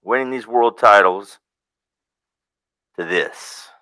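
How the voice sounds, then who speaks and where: A man's voice: fairly low pitch, takes it slowly, sharp tone, clear, resonant tone, no echo, poor audio. A man hosting a podcast, asking questions and chiming in with short remarks. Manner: chimes in with short interjections. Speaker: podcast host. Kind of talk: casual interview.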